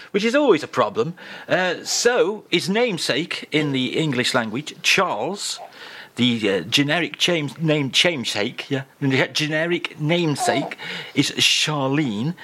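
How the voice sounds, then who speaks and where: A man presenting a radio show, playful and jokey, bantering from a studio. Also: fairly high pitch. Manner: playful, jokey, animated delivery. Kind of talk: comic radio chat.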